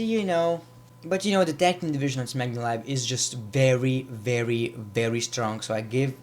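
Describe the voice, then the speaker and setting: A man with a medium-pitched voice gives a casual, rambling wrestling review in vlog style, often restarting sentences and repeating words. A little hiss or hum sits under the recording.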